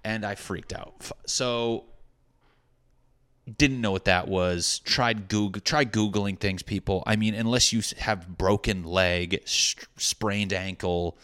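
A man's voice: fairly low pitch, slow, fairly bright tone, clear, resonant tone. A young man, a stand-up comedian, telling a rambling, profane, self-deprecating story in casual chat.

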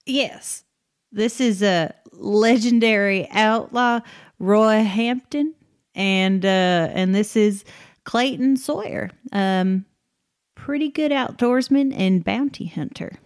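Woman, tabletop player, casual, easygoing, slow talker, mid pitch. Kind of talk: playing a character in a tabletop game.

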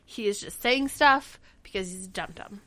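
A woman's voice: medium pitch, normal speed, bright, forceful tone, dry recording. A woman in her thirties from the United States, co-hosting a casual podcast chat and speaking in an emphatic, profane way that gets worked up. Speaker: podcast co-host.

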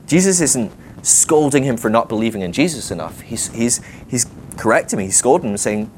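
A man giving a sermon in a loose, conversational way, animated and thinking aloud with fillers and quick laughs. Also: medium pitch, slight background noise. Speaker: preacher. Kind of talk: sermon teaching.

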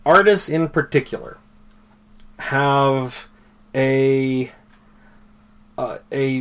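A podcast host chats casually, his medium-pitched voice rambling along with lots of fillers and false starts.

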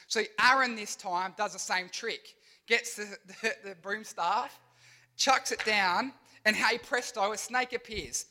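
A young man preaching an energetic youth sermon, telling stories with sound effects and funny voices. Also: high-pitched, a little slow. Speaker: youth pastor.

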